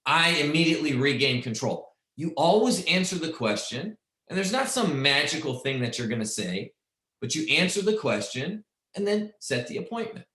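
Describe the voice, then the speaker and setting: A man's voice: fairly high pitch, expressive, moderate pace, bright, forceful tone. Emphatic male trainer in an echoey room. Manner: emphatic, checks in with frequent "right?". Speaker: sales trainer. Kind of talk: coaching a training session.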